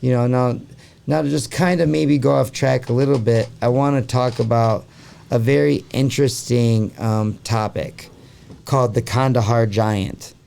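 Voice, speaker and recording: A man hosting a casual podcast, his voice gravelly with a dark, mellow tone. He rambles through his points with a steady stream of "like" and "you know," and swears freely. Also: mid-range voice, moderate pace. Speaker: podcast host.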